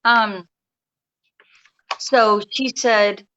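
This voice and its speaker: Bright-voiced New woman in her fifties. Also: on the high side, steady tone, extremely slow, highs cut off. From New York. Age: 50s. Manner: rambling, restarts often, speaks in a confiding way. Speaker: guest energy healer. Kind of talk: casual storytelling interview. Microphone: remote call.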